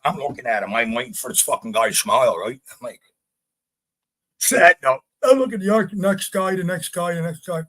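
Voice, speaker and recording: A man's voice: fairly high pitch, moderate pace, low-quality recording. A man from Canada telling a gritty story in casual podcast chat, blunt and full of swearing. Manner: profane, blunt, animated retelling. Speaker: podcast guest.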